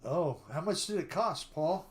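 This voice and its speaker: An older man hosts a live stream, talking slowly and easily with a fairly high voice. He drawls through rambling stories and stops to greet his viewers by name. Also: animated. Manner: chatty storyteller who greets viewers by name; drawling, unhurried talk. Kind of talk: casual live stream chat.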